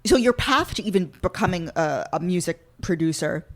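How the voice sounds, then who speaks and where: A woman hosting a podcast interview, steering it with short prompting questions and quick reactions. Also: lowish voice, animated. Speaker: podcast host. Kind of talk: casual interview chat.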